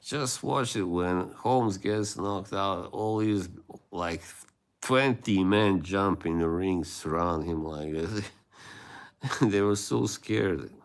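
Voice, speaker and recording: A man's voice: sits low, extremely slow, pauses often. A man hosting a livestream, rambling in casual chat with his viewers and laughing often. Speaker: livestream host.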